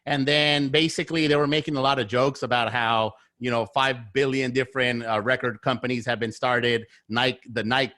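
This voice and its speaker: A man in casual podcast talk, with a mid-range voice that is neither high nor low. He is blunt and profane, and he stacks up repeated phrases for emphasis. The sound is dry and close, with no room echo. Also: little pitch movement, normal speed, few pauses, pushed and bright. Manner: blunt, heavy swearing, repetitive emphatic phrasing. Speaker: podcast guest, real estate investor.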